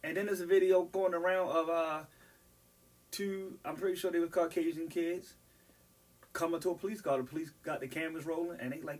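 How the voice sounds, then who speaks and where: A man with a somewhat high voice, heard from a little way off the mic. He speaks earnestly in a casual chat, recounting clips from the news. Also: steady tone, a little fast, distant mic.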